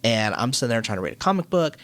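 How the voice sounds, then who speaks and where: A man co-hosting a podcast, chatting casually and telling animated, joking stories. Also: medium pitch, fast. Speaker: podcast co-host. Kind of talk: casual chat.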